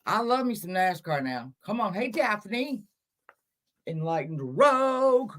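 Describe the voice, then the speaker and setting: A woman hosting a casual livestream with a lively, swooping voice. She talks in a scattered, chatty way to her viewers. She curses often and mocks herself. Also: mid-range voice, takes it slowly. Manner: scattered, chatty, cursing, self-mocking. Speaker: livestream host.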